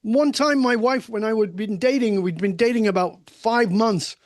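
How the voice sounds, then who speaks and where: Emphatic older man, high voice, dry sound. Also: normal speed, dry recording. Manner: emphatic, swears, drops low and soft for personal story. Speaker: guest leadership mentor. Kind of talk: candid storytelling in conversation.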